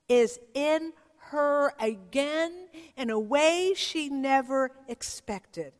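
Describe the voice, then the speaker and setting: A woman pastor preaching a sermon in a church, telling the story slowly and reflectively with dramatic pauses. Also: sits high. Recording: long reverb of a large hall.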